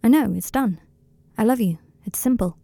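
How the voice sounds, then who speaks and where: A woman voicing a tender young man who calmly comforts his partner, in an audiobook-style fan fiction reading. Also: on the high side, normal speed, creaky, no echo, voice pushed up. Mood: reassuring. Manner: soft, soothing, hushed.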